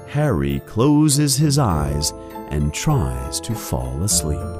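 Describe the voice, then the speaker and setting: A man narrating a simplified story in a clear, deliberate, expressive way. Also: a bass voice, faint music behind. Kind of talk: slow simplified story reading.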